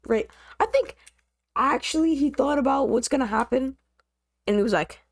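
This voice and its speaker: A woman vlogger telling a story in a slangy, joking, animated way. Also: a little high, moderate pace, no echo. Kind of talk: casual storytime.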